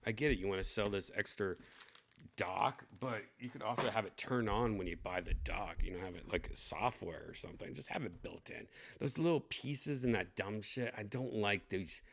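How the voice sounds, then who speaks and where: A man's voice: on the low side, normal speed, vocal fry. A young man giving blunt, profane unboxing commentary, ranting with lots of fillers. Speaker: tech vlogger unboxing a VR headset.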